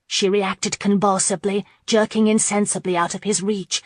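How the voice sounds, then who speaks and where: A woman narrating a romance audiobook in a measured, steady reading voice. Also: mid-range voice, dry recording, clean studio sound. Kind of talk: scripted narration.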